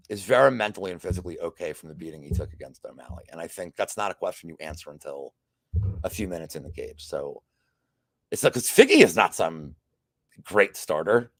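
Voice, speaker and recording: A man's voice: sits low, lively intonation, fairly quick, fairly bright tone, no room sound, clean studio sound. A man hosting a betting podcast, chatting casually through fight picks with rambling restarts and profane asides. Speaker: sports betting podcast host.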